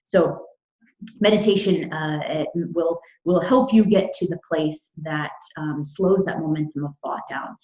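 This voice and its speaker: Over a video call, a woman teaches meditation in a live talk, emphatic and repeating her key phrases. Her voice is low, mellow and a little slow. The sound is echoey, dull and lo-fi.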